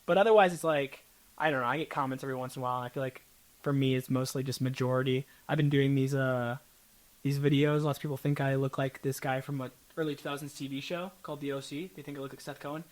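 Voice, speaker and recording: A young man with an American accent, a content creator chatting as an interview guest, telling stories in an animated way and acting out what people said to him. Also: medium pitch, quick pace. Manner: animated storytelling, acts out quoted people. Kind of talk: casual interview chat.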